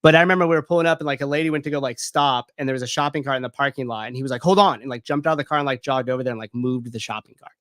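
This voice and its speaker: A man in his thirties talks loosely and candidly, swearing often and leaning on "like" as he tells a story. His voice sits at an ordinary pitch. The sound is dry and close, with no room around it. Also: steady tone, rapid-fire, few pauses, fairly bright tone, no room sound. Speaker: gym owner and guest. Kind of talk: casual storytelling.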